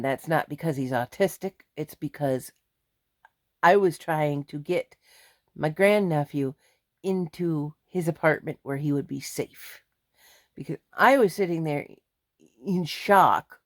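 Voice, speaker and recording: A woman's voice: low-pitched, takes it slowly, pauses often, dry recording, studio quality. A middle-aged woman venting angrily in a vlog, blunt and emphatic. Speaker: vlogger. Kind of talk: angry ranting vlog.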